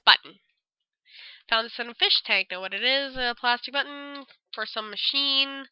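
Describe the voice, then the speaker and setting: Bright, swearing woman playing a game. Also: sits high, normal speed, clear, resonant tone, poor audio. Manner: expressive and swearing, reads dialogue aloud. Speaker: let's play gamer. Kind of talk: casual game commentary.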